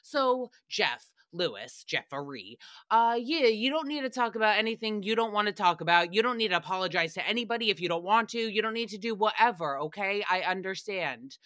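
A woman's voice: mid-range voice, animated, a little fast, fairly bright tone, no echo, studio quality. A woman hosting a casual recap podcast, sassy and blunt, with sarcastic jokes and frequent swearing. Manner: sarcastic jokey asides. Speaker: podcast host.

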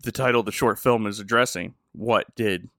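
A man co-hosting a podcast, recapping a short film in casual comedic chat with deadpan delivery and lots of giggling. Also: lowish voice, moderate pace, no echo, clean studio sound. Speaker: podcast co-host.

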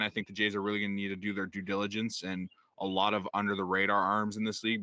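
A man's voice: on the low side, sharp tone, dry recording. A man co-hosting a sports podcast, rambling in casual talk with many fillers. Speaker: podcast co-host.

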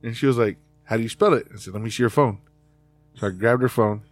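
Male podcast co-host, animated storyteller, mid pitch, dry close sound. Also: fast, no echo, faint music behind. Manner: animated storyteller, laughs often, acts out quotes. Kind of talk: casual chat.

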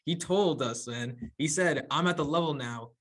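A man's voice: fairly high pitch, normal speed, fairly bright tone. Young man telling stories and jokes. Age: young adult. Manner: laughing, corny-joke storyteller, says man a lot. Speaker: podcast co-host. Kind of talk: casual chat among friends.

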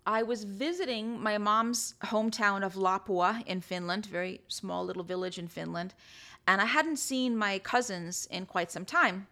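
An American woman hosting a podcast, telling personal stories in a chatty, halting way with many fillers and restarts. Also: mid-range voice, sharp tone. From United States. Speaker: podcast host. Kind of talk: personal storytelling.

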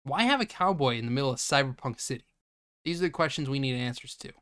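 A man's voice: medium pitch, expressive, fast, fairly bright tone. A young man hosting a podcast, recapping a movie casually, laughing and swearing freely. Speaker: podcast host.

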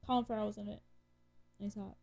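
A woman's voice: medium pitch, flat delivery, fast, creaky, darkish tone. A young woman co-hosting a podcast, chatting casually with sarcastic asides and plenty of fillers. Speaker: podcast co-host. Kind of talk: casual chat.

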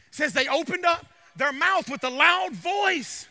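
High bright-voiced preacher. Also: male voice, animated, a little slow. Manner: preaching, building to loud cries. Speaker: pastor. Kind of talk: sermon. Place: church sanctuary.

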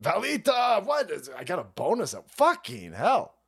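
A man's voice: high voice, wildly swooping pitch, normal speed, creaky, a bit bright, slight background noise. A man hosting a livestream, reacting to clips with crude, mocking commentary and frequent laughter. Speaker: streamer host.

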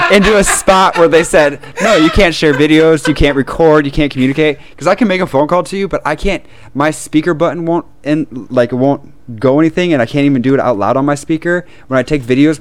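A man with a Midwestern American accent, telling a long story as a podcast co-host in a casual chat, animated and full of swearing and laughs. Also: on the high side, a little fast, a little hiss or hum. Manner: animated, profane ranting with frequent laughs.

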